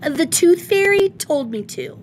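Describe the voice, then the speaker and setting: A woman voicing a precocious preschool girl bunny who fibs, with a high, loud, childlike insistence. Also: very animated, unhurried, background noise, exaggerated voice. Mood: insistent.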